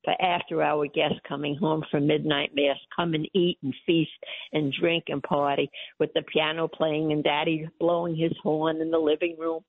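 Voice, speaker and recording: A woman's voice: low voice, flat delivery, normal speed, no echo. An older woman, calling in as the host's mother, talking in an effusive, emotional and pleading way. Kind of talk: phone-in chat. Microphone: phone. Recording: tinny phone line.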